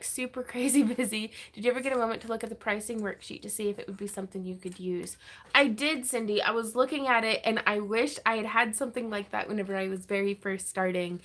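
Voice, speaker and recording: Woman livestream host, slightly high voice, friendly chatter and frequent laughs. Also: a bit bright. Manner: chatty, greets viewers, laughs often. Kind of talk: casual livestream chat.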